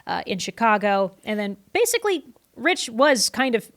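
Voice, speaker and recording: Young adult woman, interview guest, chatty animated storyteller. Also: fairly high pitch, moderate pace. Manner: animated, chatty, often breaks into laughs. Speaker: guest, horror host and vintage performer.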